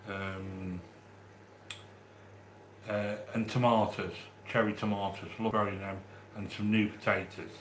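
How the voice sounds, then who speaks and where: A man from the English Midlands with a Midlands accent, hosting a live stream and chatting warmly with viewers as he reads their comments, with frequent restarts. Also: lowish voice, flat delivery, unhurried, long pauses, reverberant, slight background noise. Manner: chatty and affectionate, with many restarts. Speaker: livestream host reading chat. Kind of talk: casual live-stream chat.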